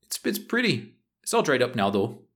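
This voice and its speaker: A man's voice: mid-range voice, very animated, normal speed, fairly bright tone. A man voicing a jittery male thief who stammers and pleads. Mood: nervous. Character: nervous male thief hiding underground.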